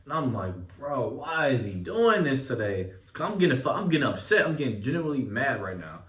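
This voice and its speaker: A man's voice: mid-range voice, brisk, distant mic. Profane young man telling a story. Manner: profane, animated, street slang. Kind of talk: casual storytelling. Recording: echoey room, off mic.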